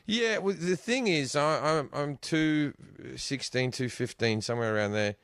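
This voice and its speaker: A man with an Australian accent, a comedian telling crude, animated stories in a casual podcast chat. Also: fairly high pitch, unhurried, clear, resonant tone, no echo. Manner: animated, crude jokey storytelling. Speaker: guest comedian.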